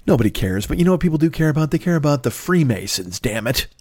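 A man's voice: fairly high pitch, sing-song, fast, darkish tone, breathy edge, no echo. Solo podcast host, man in his 50s, profane and self-deprecating, dry close sound. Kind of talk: rambling solo podcast monologue.

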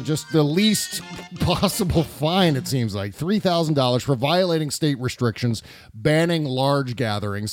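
A man's voice: mid-range voice, no echo. A man hosting a talk show, chatting loosely with plenty of fillers. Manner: loose, filler-heavy, laughs easily. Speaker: host. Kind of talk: casual talk show chat.

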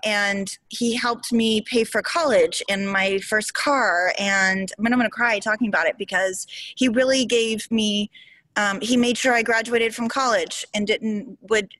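A woman soap opera actress in her forties, telling stories in an interview in a chatty, emotional, animated way. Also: mid-range voice, no echo, low-quality recording.

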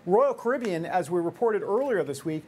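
A woman's voice: fairly low pitch, expressive, normal speed, a little mellow, a little hiss or hum. A woman in her fifties hosting a talk show, giving opinionated commentary with sarcastic, jokey asides. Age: 50s.

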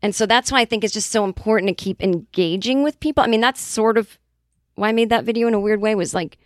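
A woman's voice: medium pitch, quick pace, dry recording, clean studio sound. A woman podcast host telling a casual comedic story, acting out the quoted voices of other people as she goes. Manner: animated, acts out quoted voices.

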